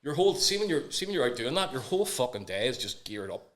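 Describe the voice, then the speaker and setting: Male co-host, rapid anecdotal delivery, salty casual chat. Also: mid-range voice. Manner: swearing storyteller, quick and animated. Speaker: podcast co-host.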